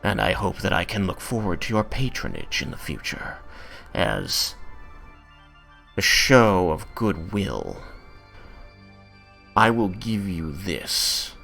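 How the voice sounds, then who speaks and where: A man voicing a suave male archdevil who speaks smoothly, calmly and courteously. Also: low-pitched, slow, pauses often, faint music behind, exaggerated voice.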